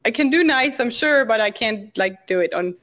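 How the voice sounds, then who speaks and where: Woman on a group call, kinda high voice, a bit unsure. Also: animated, moderate pace, a bit bright. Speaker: coaching client.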